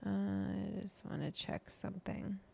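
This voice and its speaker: A woman hosting a casual chat, chatty and relaxed, reading quotes aloud between remarks. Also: mid-range voice, a little slow, gravelly. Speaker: host.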